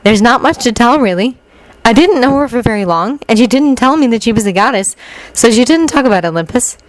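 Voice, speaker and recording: A woman voicing a calm, level-headed young woman who answers plainly. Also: a little high, fairly quick, no echo, pitched above the performer's own voice, natural voice, poor audio.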